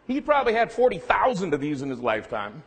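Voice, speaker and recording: This California guest lecturer has a husky, fairly high voice with huge pitch swings, and he talks fast. He delivers a candid, funny, self-deprecating public lecture to students, mixing warnings with family stories, recorded with long lecture-room reverb.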